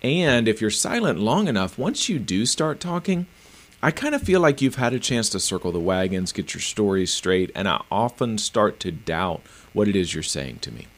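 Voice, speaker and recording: Middle-aged guy, really deep voice, earnest emphatic talker being interviewed. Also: big pitch swings, normal speed. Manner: emphatic, earnest, explains in practical steps. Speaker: guest author and professional speaker. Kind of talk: conversational interview answers.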